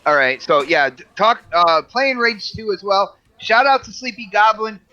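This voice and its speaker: A man's voice: high-pitched, normal speed, sharp tone, highs cut off. A man chatting on a gaming podcast panel, rambling and stammering as he jokes. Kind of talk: casual group chat on a gaming podcast.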